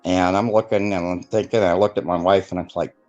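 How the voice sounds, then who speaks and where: Low-voiced guy rambling thru a story, lots of ums, does the voices of people in it, dull lo-fi sound with faint music behind. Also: fairly even intonation, a little fast, a little mellow. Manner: rambling, filler-heavy, acts out quoted voices. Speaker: guest telling his testimony. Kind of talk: casual storytelling interview.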